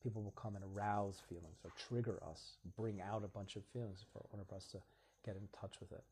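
A man's voice: on the low side, fairly even intonation, fast, darkish tone, a little hiss or hum. A man hosting a live video stream, talking casually and earnestly, reflecting aloud and acting out little dialogues.

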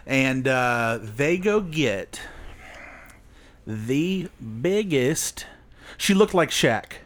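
A man's voice: mid-range voice, animated, extremely slow. A young man telling crude, funny stories in casual chat and acting out the people in them. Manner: crude, laughing, acts out voices in stories. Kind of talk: casual storytelling.

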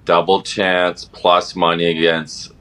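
A man's voice: low-pitched, little pitch movement, takes it slowly, a bit bright. A man co-hosting a betting podcast, giving his picks in a laid-back way. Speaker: podcast co-host. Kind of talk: casual chat.

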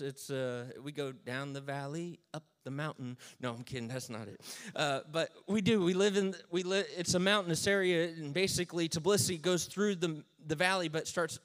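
Man with a higher voice telling a funny story. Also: clear, resonant tone. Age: 30s. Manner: self-mocking, dry jokes, lively retelling. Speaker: speaker telling a personal story. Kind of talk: humorous personal storytelling.

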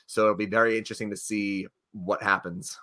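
A man with a bright, clear tone talks through the week's episode in a loose, rambling manner. He restarts sentences often and leans on fillers as he chats with his co-host. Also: lowish voice, level tone, fairly quick. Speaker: podcast co-host. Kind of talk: casual chat.

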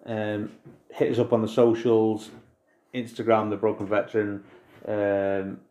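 A man co-hosting a casual veterans' podcast, swearing freely while he tells animated stories from basic training. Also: fairly low pitch, a little slow, lo-fi sound. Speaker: podcast co-host. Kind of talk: casual chat. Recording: roomy echo.

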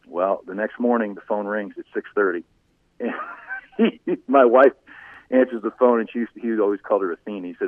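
Tinny-sounding man telling animated anecdotes. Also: on the low side, a little fast, no echo. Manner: animated anecdotes, laughs often. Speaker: former sportscaster, guest. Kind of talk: conversational storytelling. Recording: tinny phone-like line.

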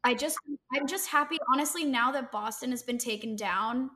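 Giggly high-voiced woman co-host. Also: sharp tone. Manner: giggly, quick interjections. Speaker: podcast co-host. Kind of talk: casual chat.

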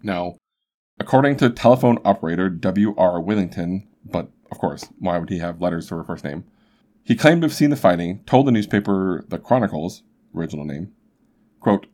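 A man's voice: deep voice, expressive, fairly quick, dark tone. A young man hosting a podcast, telling a true crime story in a chatty, rambling way with lots of asides. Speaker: podcast host.

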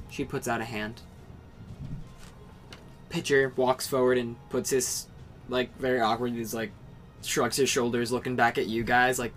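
Guy narrating a tabletop rpg scene, chill and descriptive, soft music in the background. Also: mid-range voice, a little slow, pauses often. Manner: relaxed, descriptive, self-correcting. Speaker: game master.

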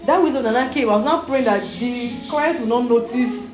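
A slightly high-pitched woman with a Nigerian accent speaks fairly quickly while teaching a Bible lesson. With real earnestness she keeps asking, "Do you understand?" Music plays behind her, and the room gives off a noticeable echo.

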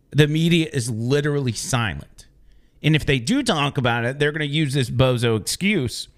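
A man's voice: on the high side, a bit bright. A man hosting a political opinion show, speaking emphatically and mockingly, repeating words for effect. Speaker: political commentary host. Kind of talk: opinion monologue.

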